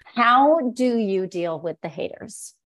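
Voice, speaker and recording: A woman's voice: a little high, animated, slow pace, a bit bright, poor audio. A woman podcast host asking her guest questions in a curious, encouraging way. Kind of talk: interviewing.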